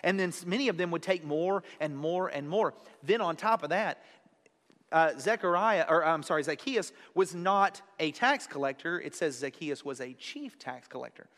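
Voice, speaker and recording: A man's voice: a little high, expressive, moderate pace, a bit bright, big-room sound. A man preaching an expository sermon in a conversational way, repeating key phrases for emphasis. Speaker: pastor.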